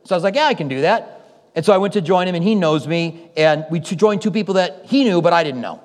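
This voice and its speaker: This sermon comes from a pastor whose voice is high-pitched and expressive, and who talks fast. He relates stories casually, performing the quotes of the people in them, and the audio carries hall reverb.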